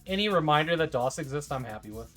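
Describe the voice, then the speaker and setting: A woman with a notably low voice hosts a relaxed stream. She rambles casually, full of fillers and restarts. Faint music plays quietly behind her. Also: fast talker. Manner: rambling, filler-heavy, gushes over her dog. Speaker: streamer host.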